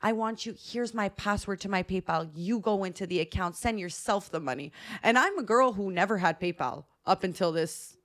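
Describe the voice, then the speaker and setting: A young woman on a podcast, chatting casually and telling stories with lots of animation. She acts out the voices of the people in them, and her voice sits at a middle pitch. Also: moderate pace. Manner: animated storytelling, acting out quoted voices. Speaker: podcast co-host. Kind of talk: casual chat.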